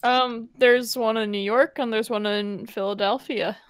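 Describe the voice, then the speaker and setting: A woman's voice: a little high, steady tone, measured pace, no echo. Teasing woman guest, dry close mic. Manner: teasing, playful. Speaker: guest, co-host's wife. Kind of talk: casual chat.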